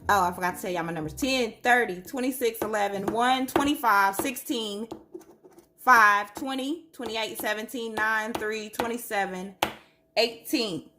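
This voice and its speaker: A woman's voice: fairly high pitch, pushed and bright, faint music behind. A woman chatting casually to viewers while scratching lottery tickets and reading numbers aloud. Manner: chatty, slow and drawn-out, reads numbers aloud.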